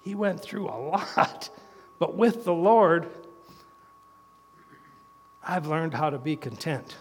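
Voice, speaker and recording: A man's voice: on the high side, expressive, slow. A middle-aged man preaching a sermon in a folksy way, chuckling between points. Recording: long hall reverb.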